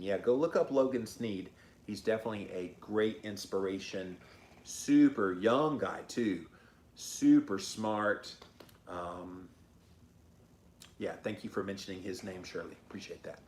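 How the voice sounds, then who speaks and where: A man's voice: lowish voice, measured pace, a little mellow. A man hosting a casual livestream, reading out viewer comments and answering them in an upbeat, chatty way. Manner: upbeat, chatty, frequent ums and uhs. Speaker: host of a diet livestream. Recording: roomy echo.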